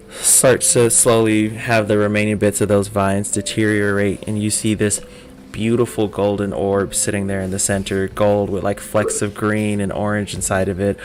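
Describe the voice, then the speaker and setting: A man narrating a tabletop game as game master, casual and full of fillers. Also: lowish voice.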